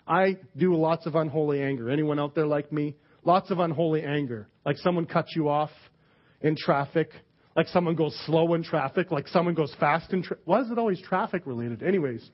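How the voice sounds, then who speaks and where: A higher-voiced man preaching in a relaxed, joking way. He slips into quick acted-out lines of other people. The recording sounds dull and muffled. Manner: candid, joking, acts out quoted people. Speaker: pastor. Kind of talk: casual conversational sermon.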